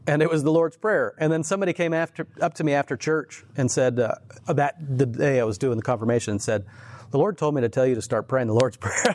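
A man with a voice of ordinary, middle pitch who teaches at church and tells faith stories in a relaxed conversation. He speaks earnestly and with animation. He often stumbles and restarts as his thoughts run ahead. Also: moderate pace, a little hiss or hum. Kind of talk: casual faith conversation, storytelling.

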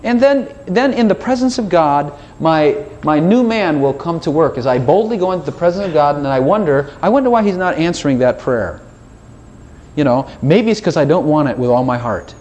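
A man with a slightly raised pitch gives an informal sermon in a loose, chatty way. He is animated and playful, slipping in little asides and acting out his own prayers as quoted dialogue. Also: brisk, lo-fi sound. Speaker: preacher.

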